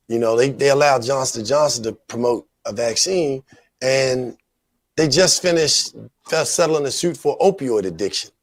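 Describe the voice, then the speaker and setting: Male show host talking about the news, earnest, lots of "you know", mid pitch, dry close mic. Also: no room sound. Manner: earnest, rambling with fillers. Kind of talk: talk show commentary.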